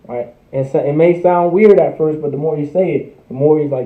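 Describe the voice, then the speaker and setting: A man's voice: a little high, brisk, hardly any pauses. Male instructor, drills each word over and over with "right?" checks, tinny echoey stream audio. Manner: repetitive, checks in with "right?" constantly. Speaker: class instructor. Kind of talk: live-streamed language class.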